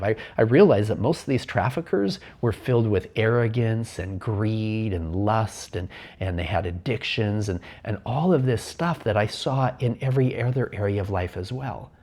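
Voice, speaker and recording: A man's voice: fairly low pitch, a little mellow. A middle-aged man, a podcast guest, telling stories earnestly and intensely, repeating words and sinking to a whisper for heavy points. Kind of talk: earnest storytelling in conversation.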